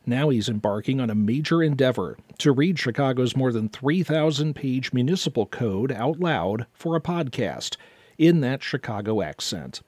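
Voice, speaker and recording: A man, a news anchor reading a scripted introduction at a steady, even pace. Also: mid-range voice, normal speed, husky, dry recording.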